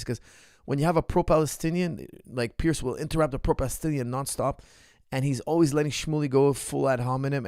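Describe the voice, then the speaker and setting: A man's voice: fairly high pitch, darkish tone, dry recording, clean studio sound. A man hosting a show as a coach, giving casual reaction commentary in short, repeated bursts. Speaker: martial arts coach and show host.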